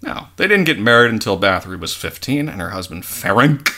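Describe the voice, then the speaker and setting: A man's voice: fairly low pitch, a little fast. A man hosting a casual podcast, teasing his co-host and swearing often. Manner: animated, teasing, swears and laughs a lot.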